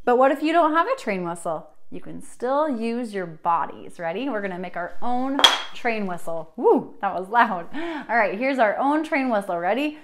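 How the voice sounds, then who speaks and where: A woman's voice: a little high, animated, a little hiss or hum. A young woman teaching a children's music class, encouraging and sing-song, drawing her words out for little kids. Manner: bright, encouraging, slow and drawn out for young children.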